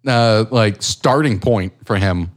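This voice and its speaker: A young man co-hosting a podcast in casual chat, rambling and swearing freely, poking fun at himself and laughing easily. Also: fairly low pitch. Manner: rambling, profane, self-deprecating, quick to laugh. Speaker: podcast co-host.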